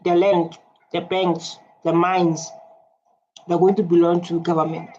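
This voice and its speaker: A woman hosting a reaction video, talking in animated, repetitive casual commentary with a husky voice. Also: fairly low pitch, unhurried, lo-fi sound, slight background noise. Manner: animated, repeats phrases, many fillers and restarts.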